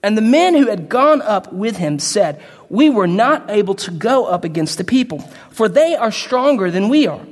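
A man's voice: high voice, very animated, moderate pace. A man preaching a sermon, reading scripture and explaining it in an emphatic, conversational way. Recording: long reverb of a large hall.

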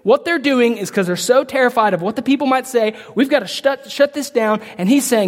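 A man preaching a sermon as pastor, talking casually to his congregation and building to loud, emphatic peaks. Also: very high voice, brisk, few pauses. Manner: conversational asides to the congregation. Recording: long reverb of a large hall.

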